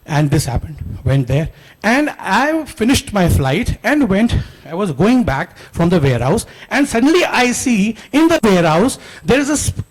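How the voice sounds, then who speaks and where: A middle-aged man with an Indian accent gives a lively motivational talk to students, telling stories and putting questions to the audience. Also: high-pitched, normal speed, rough recording. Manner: animated storyteller, asks the audience questions, mixes Hindi into English. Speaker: guest speaker.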